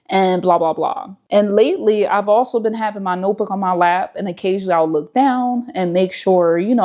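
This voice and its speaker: With a medium-pitched voice, a female YouTuber talks to her camera while sitting down, offering advice. She keeps it easygoing, using slang and filler words.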